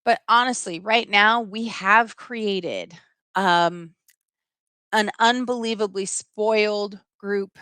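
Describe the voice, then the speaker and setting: A middle-aged woman hosting a live stream, telling a personal story in an animated, emphatic way and often checking in with "right?". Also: medium pitch, slow, clean tone, no echo.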